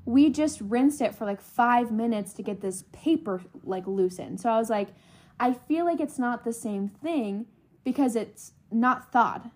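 A woman's voice: fairly high pitch, lively intonation, measured pace. A young woman co-hosting a podcast, telling a funny story in casual chat and laughing often. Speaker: podcast co-host.

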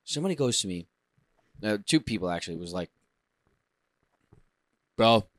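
A man's voice: on the low side, very animated, fast, no room sound, clean studio sound. A man co-hosting a podcast in casual chat, upbeat and preachy in a motivational way. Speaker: podcast co-host.

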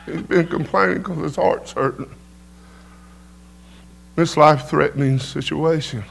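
A man's voice: a little high, unhurried, vocal fry. A middle-aged man preaching his testimony, telling folksy stories and tossing "amen" to the congregation. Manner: folksy storytelling, peppered with "amen" to the crowd. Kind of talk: sermon testimony storytelling.

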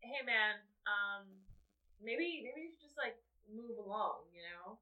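A woman's voice: mid-range voice, expressive, takes it slowly, far from the mic, narrow, tinny audio. Woman doing a mild hesitant young man. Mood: wary. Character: calm protective young man.

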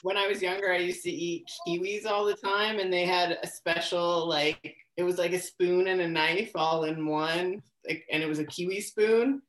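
A woman's voice: on the low side, steady tone, moderate pace, hardly any pauses, roomy sound, low-quality recording. A woman being interviewed as a podcast guest, answering casually and hesitantly with many fillers. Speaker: podcast guest, strength athlete.

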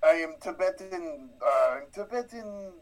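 A man's voice: high voice, expressive, pitched above the performer's own voice. A man faking an eager foreign college student. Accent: put-on foreign accent, heard as poorly Greek. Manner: halting, overly formal phrasing. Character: male Tibetan college student, eager, boastful. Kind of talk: comedic impression in podcast chat.

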